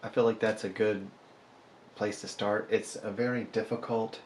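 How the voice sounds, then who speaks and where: A polymer clay artist chats casually while sculpting, rambling and cracking self-deprecating jokes. His voice sits low and fairly dark, with little pitch movement and a moderate pace. The room is echoey with faint ambience and a bit of hiss or hum.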